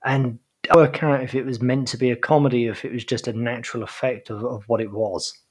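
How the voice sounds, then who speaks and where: A man's voice: medium pitch, flat delivery, a little fast, slightly rough. A man co-hosting a live political talk show, dropping wry, joking asides. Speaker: co-host.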